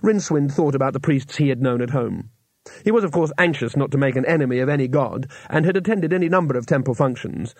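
A man narrating an audiobook with steady, dry storytelling, recorded close on a studio mic. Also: on the high side, no echo. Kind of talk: scripted narration.

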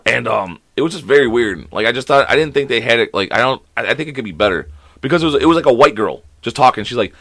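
A man co-hosting a casual podcast, bantering crudely and laughing as he acts out little quotes. His voice is bright and forward, his pitch swinging widely. The sound is close and dry. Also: animated, quick pace, dry recording. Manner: laughing, swearing, acting out mock quotes. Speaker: podcast co-host.

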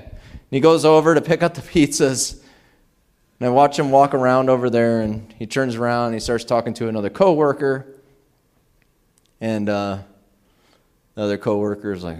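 A man preaching a sermon as pastor, telling lively personal anecdotes and acting out the dialogue. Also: medium pitch, moderate pace, long pauses, clean tone. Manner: animated anecdotes with acted-out dialogue. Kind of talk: conversational sermon storytelling.

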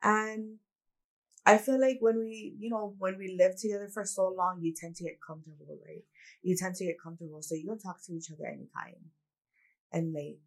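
A woman's voice: medium pitch, fairly even intonation, normal speed. A woman co-hosting a podcast, talking candidly and reflectively about her relationship in a casual chat, full of "like"s. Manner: candid, reflective storytelling with many "like"s. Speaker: podcast co-host.

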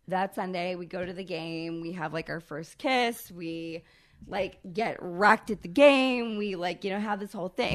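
A woman in her thirties, co-hosting a podcast, spins a long personal tale in animated, casual and profane conversation. Her voice sits at medium pitch.

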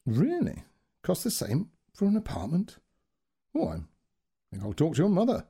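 A man's voice: on the high side, huge pitch swings, normal speed, creaky, warm tone, slightly rough, voice pushed up, full character voice. A man voicing a cheerful middle-aged father, chatty and jolly. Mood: surprised.

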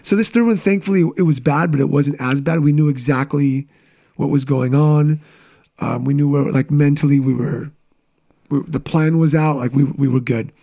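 A man's voice: on the high side, gravelly, warm tone. A man in his thirties, a business coach, telling candid personal stories in a casual interview chat. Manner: candid, storytelling, quick asides.

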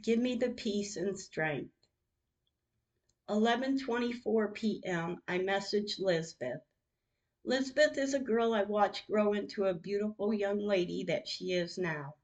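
A woman's voice: medium pitch, measured pace, darkish tone. A woman hosting her own podcast, reading out her text messages in an emotional, heartfelt way. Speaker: podcast host.

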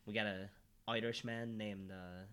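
Bright-voiced young man rambling about sports. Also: fairly low pitch, fairly even intonation, a little slow, smooth. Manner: rambling, filler-heavy, restarts. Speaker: podcast co-host. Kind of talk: casual sports chat.

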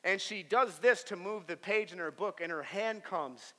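A young man preaching a sermon as pastor, moving between soft, confiding talk and loud, emphatic passages, and telling stories with playful put-on voices. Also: high-pitched, moderate pace. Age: young adult. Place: church auditorium. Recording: long hall reverb.

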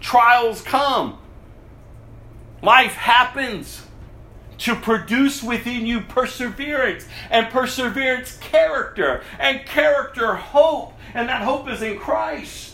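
A man preaching a sermon as pastor, animated, laughing often and mimicking whiny voices. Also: extremely high pitch, slow, creaky, reverberant, a little hiss or hum, poor audio.

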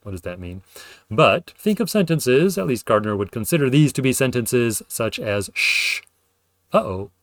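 A man's voice: mid-range voice, lively intonation, moderate pace, no echo. A man hosting a spoken lecture, thinking aloud with fillers and self-corrections as he explains ideas. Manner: acts out example sentences with playful intonation. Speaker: podcast host explaining linguistics.

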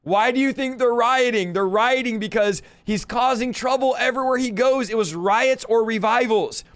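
A man's voice: extremely high pitch, moderate pace, a bit bright, clear, resonant tone. A man hosting a podcast in casual talk, stressing points emphatically by repeating them. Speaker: podcast host.

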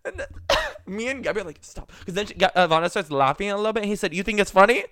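A man's voice: high-pitched, fast, no room sound, clean studio sound. Young man telling a rambling story. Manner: animated, rambling, frequent likes and laughs. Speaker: podcast co-host. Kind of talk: casual storytelling chat.

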